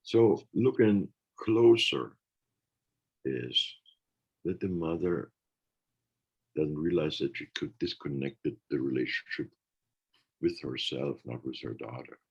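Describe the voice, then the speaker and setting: A man's voice: extremely low pitch, a little slow, creaky, pauses often, fairly bright tone, slightly rough, muffled recording. A man talking earnestly in a reflective podcast conversation, acting out the remarks he quotes.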